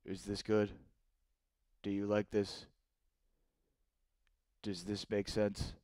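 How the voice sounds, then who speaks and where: A sports talk host doing an impression of a quiet, monotone male basketball star. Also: fairly low pitch, slow, no room sound, clean studio sound, voice pushed down. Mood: deadpan.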